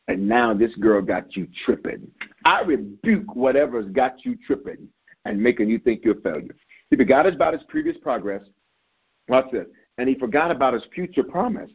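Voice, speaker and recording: A man preaches with a husky edge, his pitch leaping and dropping as he drives each point home through repetition. The sound is dull and lo-fi, like an old sermon recording, and he speaks at a middling pitch for a man. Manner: emphatic, repetitive preaching with sudden pitch swings.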